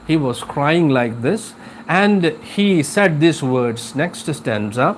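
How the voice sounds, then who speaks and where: Slow, explaining male English teacher. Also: on the high side, expressive, a little hiss or hum. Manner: slow, explanatory, many filler pauses. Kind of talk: live class lecture on a poem.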